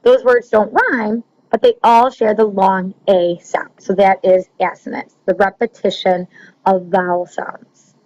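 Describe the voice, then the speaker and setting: A woman's voice: mid-range voice, fairly even intonation, a little slow, a little mellow. A woman teacher walking students through a recorded lesson, explaining step by step with frequent ums and checking that they follow. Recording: slightly dull lo-fi recording.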